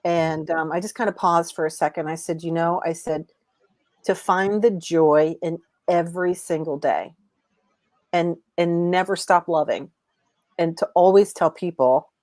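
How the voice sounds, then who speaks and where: Guest woman, intuitive reader: low voice, dry close sound, rambling, lots of restarts. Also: measured pace, a little mellow, dry recording. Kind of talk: casual live chat.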